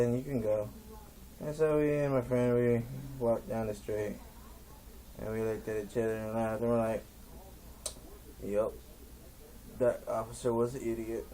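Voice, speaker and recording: Stoner guy rambling through a bit, mellow low-key voice, kinda hissy recording. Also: fairly even intonation, a little slow, pauses often. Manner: laid-back drawl, lots of "man" and "like". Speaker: stand-up comedian.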